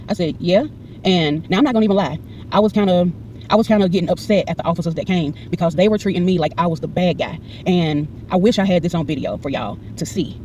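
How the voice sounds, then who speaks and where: Fast-talking indignant woman in her forties. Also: lowish voice, recorded from a distance, a little hiss or hum. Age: 40s. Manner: animated, acts out every exchange in quoted dialogue; heated and indignant when retelling. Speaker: vlogger recounting a personal incident. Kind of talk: casual storytelling to camera.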